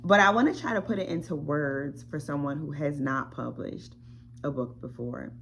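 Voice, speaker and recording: A woman's voice: low voice, normal speed, creaky, a bit bright, a little hiss or hum. A woman author unboxing her own book in a casual vlog, chatty and emotional with frequent exclamations.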